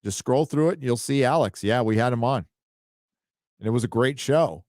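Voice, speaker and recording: A man's voice: mid-range voice, animated, normal speed, darkish tone, dry recording, studio quality. Rambling man hosting a live stream. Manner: rambling, offhand, swears casually. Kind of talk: casual live-stream chat, reading donations. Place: home studio.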